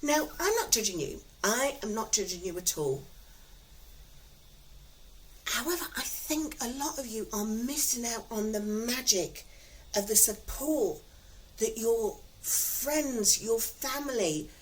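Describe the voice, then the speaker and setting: Chatty Nottingham woman with a lively voice. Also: a little high, takes it slowly, rough recording. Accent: Nottingham English. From England. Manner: warm storytelling, giggly, repeats herself. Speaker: vlogger. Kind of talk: casual chatty vlog.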